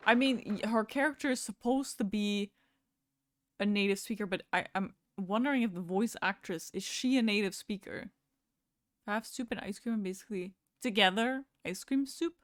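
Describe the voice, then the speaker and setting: A woman's voice: mid-range voice, normal speed, dry recording, studio quality. A woman live-streaming a game in casual chat, talking with viewers, greeting them and laughing often.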